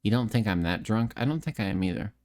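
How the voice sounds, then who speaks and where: A man's voice: on the low side, lively intonation, fast, darkish tone. Tipsy male streamer, nasal tone, slight lisp, rambling, self-deprecating chat on a close mic. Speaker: streamer and voice actor. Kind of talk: casual live-stream chat. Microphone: close desk microphone.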